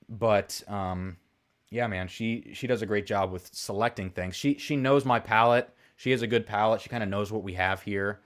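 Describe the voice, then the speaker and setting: A young man hosting a casual live stream, rambling and thinking aloud with lots of fillers and self-deprecating asides. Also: lowish voice. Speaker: whiskey livestream host.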